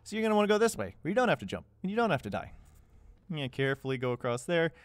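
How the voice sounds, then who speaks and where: Smooth-voiced young man, joking game walkthrough. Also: a little high, sing-song, very fast, no echo. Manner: joking, sarcastic asides with goofy put-on quotes. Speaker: game guide narrator. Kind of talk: casual walkthrough commentary.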